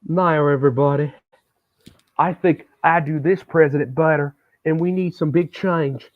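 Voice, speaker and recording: A man putting on the voice of a folksy male governor giving a campaign speech in a raised, smooth voice. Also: a little high, normal speed, no room sound, pitched above the performer's own voice, natural voice. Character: middle-aged male Southern governor running for president, folksy and smooth. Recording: tinny, phone-like, dry sound.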